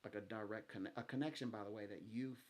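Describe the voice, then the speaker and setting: A man giving a phone psychic reading, talking gently and haltingly with many restarts and fillers. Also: lowish voice, fairly even intonation. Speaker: psychic reader.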